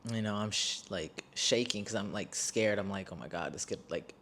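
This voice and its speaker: A man's voice: fairly low pitch, moderate pace, fairly bright tone. A man in his twenties telling a personal story to camera, emotional and blunt, swearing often and repeating phrases when worked up. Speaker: vlogger.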